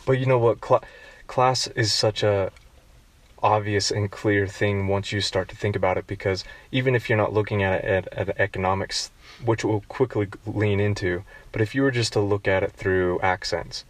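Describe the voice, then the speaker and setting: A man's voice: lowish voice, fairly even intonation, normal speed, no room sound. A man with a general American accent hosting a casual interview, asking leading questions and steering the talk. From United States. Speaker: podcast host.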